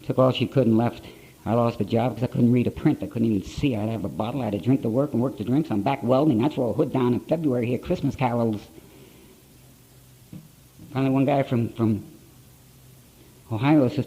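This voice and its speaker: A middle-aged man giving a personal recovery talk to an audience, in blunt storytelling with plain, rough grammar, on an old conference tape. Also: mid-range voice, a little fast, pauses often, dark tone, dull audio.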